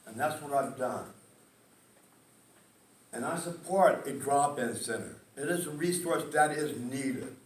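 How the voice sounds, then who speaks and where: A man's voice: mid-range voice, unhurried, long pauses, recorded from a distance. A man speaking emotionally at a community meeting, stressing points with a repeated "okay?". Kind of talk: public testimony at a meeting. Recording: echoey hall, picked up from afar.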